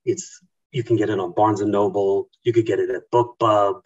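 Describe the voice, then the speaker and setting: A male author talking in an interview, halting, with many fillers and restarts. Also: lowish voice, steady tone, a little mellow, distant mic, muffled recording. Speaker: author guest. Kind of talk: casual interview talk.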